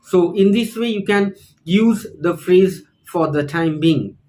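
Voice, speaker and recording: Teacher going through phrases real slow, careful, says uh a lot. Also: mid-range voice, dark tone, poor audio. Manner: slow, deliberate explanations with repeated examples and fillers. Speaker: English teacher. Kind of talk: explaining phrases in an online lesson.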